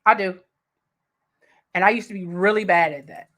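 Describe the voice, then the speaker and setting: A woman hosting a casual livestream from home, chatty and excitable, talking straight to her viewers. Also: mid-range voice, normal speed. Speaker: livestream host.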